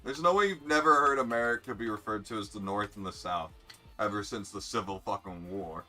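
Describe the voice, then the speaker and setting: A man's voice: lowish voice, a little fast, pushed and bright, faint music behind. A young man live-streaming a racing game, chatting bluntly and sarcastically with viewers and swearing freely. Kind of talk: casual live-stream chat while gaming.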